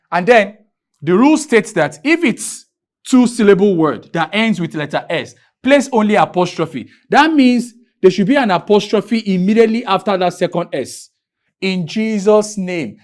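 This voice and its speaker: A man from Nigeria teaching an English grammar lesson in a classroom, writing on a board, drawing out key words and firing questions at his students. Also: high-pitched. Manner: drawn-out, emphatic teaching with repeated questions to students.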